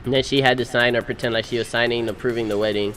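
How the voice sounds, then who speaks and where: A man's voice: medium pitch, faint music behind. Slangy young man telling a story. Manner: animated, slangy storytelling with quick voice-acted quotes. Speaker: groom. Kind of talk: casual narration over wedding photos.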